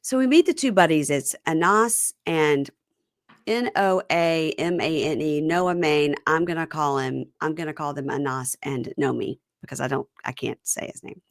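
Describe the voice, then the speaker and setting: A woman hosting a casual reality TV recap, who acts out the quotes she tells with sudden jumps in pitch. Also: dry recording, clean studio sound. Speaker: podcast host.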